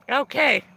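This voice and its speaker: A woman's voice: high voice, sharp tone, a little hiss or hum. A woman ranting angrily on a live stream, swearing heavily and sounding aggravated and aggrieved, filmed on a phone in a van. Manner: heavy swearing, furious and aggrieved. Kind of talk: angry live-stream rant.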